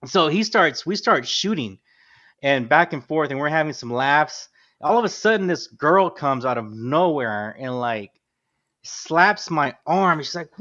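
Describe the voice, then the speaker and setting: A fairly high-pitched man telling a party story on a podcast, loose and animated, swearing and saying "dude" all the time. The sound is dull and lo-fi, like a cheap mic. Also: moderate pace. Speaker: podcast host. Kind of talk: casual chat.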